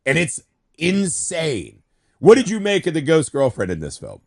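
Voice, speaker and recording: A man co-hosting a casual movie podcast, retelling scenes in an animated way and acting out lines. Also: fairly high pitch, normal speed, creaky. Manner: animated retelling of scenes with acted-out quotes and laughs. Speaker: podcast co-host.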